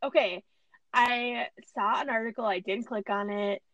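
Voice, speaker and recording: A woman's voice: fairly high pitch, measured pace, fairly bright tone, dry recording, highs cut off. A young woman with a Minnesotan accent in a casual podcast chat, upbeat and agreeable, laughing easily.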